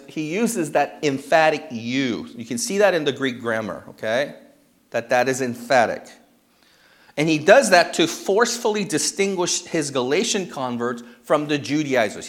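A man's voice: mid-range voice, animated, moderate pace. A man preaching a sermon as pastor, teaching through a passage and often checking in with the congregation. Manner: checks in with the congregation with frequent "okay?". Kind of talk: expository sermon.

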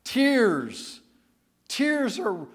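A pastor preaching an emotional sermon to his congregation, moving between hushed, tender moments and emphatic, raised declarations and drawing the crowd in with questions. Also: very high-pitched, wildly swooping pitch, extremely slow, breathy edge. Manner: asks the congregation for a show of hands.

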